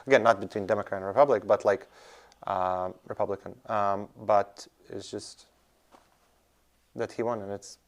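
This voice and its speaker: A man who is a guest in a casual interview, agreeing readily and explaining things calmly. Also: on the low side, moderate pace, pauses often.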